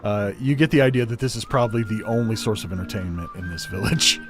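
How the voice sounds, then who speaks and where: A man's voice: mid-range voice, huge pitch swings, fast talker. A man narrating a tabletop game as game master, loose and rambling with lots of fillers. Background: guitar music.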